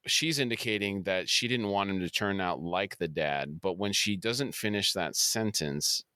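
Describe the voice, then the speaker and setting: A man's voice: low voice, moderate pace, sharp tone, clear, resonant tone, dry recording, clean studio sound. A man co-hosting a podcast, recapping a TV episode scene by scene and then adding his own comments. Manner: reads out plot beats, then comments. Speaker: podcast co-host. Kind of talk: episode recap with casual discussion.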